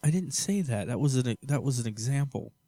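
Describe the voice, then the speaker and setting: A man's voice: mid-range voice, expressive, brisk, mellow, no echo. Jokey, teasing man on a podcast. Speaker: podcast co-host. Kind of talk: casual banter with his wife. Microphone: studio mic.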